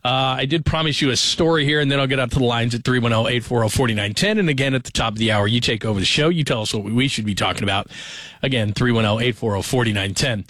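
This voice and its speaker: A man's voice: medium pitch, fast, fairly bright tone, no echo. Man, 40s, sports radio host, rambling casual storyteller, dry studio sound. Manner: chatty, rambling storyteller with many fillers. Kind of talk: casual talk radio chat.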